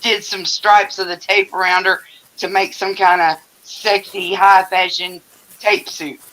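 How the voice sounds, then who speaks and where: An older man hosts a casual livestream from his home, telling crude stories in a blunt, profane way. His voice has a bright, edgy tone. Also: sits high, flat delivery, a little slow, slight background noise, poor audio. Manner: blunt, profane storytelling with laughter. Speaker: livestream host. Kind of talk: casual chat.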